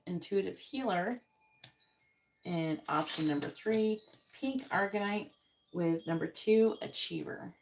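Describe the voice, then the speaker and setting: A woman's voice: fairly low pitch, darkish tone, a little hiss or hum. A tired woman hosting a tarot live stream, chatting casually and rambling, with many ums and self-corrections.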